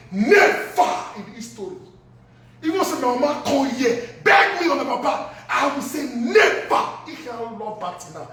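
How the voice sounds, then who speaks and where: A man's voice: very high-pitched, fairly bright tone. A man ranting heatedly in a Nigerian Pidgin accent, hurling insults. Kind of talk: angry social media rant. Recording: echoey room from far off.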